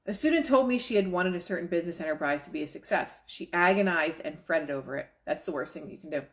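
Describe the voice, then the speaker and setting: A woman's voice: on the low side, expressive, fast. A woman reading aloud from a self-help book and breaking off into casual, chatty commentary, slipping into quoted inner voices. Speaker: manifestation coach.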